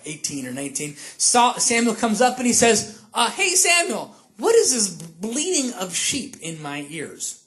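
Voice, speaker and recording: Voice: medium pitch, fairly bright tone. A pastor giving a conversational sermon, checking in with the listeners and acting out the characters of the story. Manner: chatty, checks in with listeners with frequent asides; retells scripture by acting out the characters.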